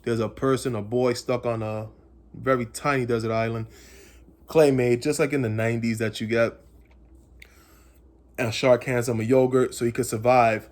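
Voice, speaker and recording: A man's voice: medium pitch, little pitch movement, moderate pace, pauses often, darkish tone. A man casually recapping a TV episode and theorizing about what comes next, rambling and repeating himself as he speculates. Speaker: comics channel host.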